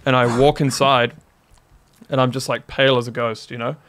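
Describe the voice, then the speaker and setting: A man in his twenties with a New Zealand accent, a podcast guest telling a story in a casual, animated way and filling his talk with "like". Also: mid-range voice, normal speed. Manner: animated, heavy use of "like" as a filler.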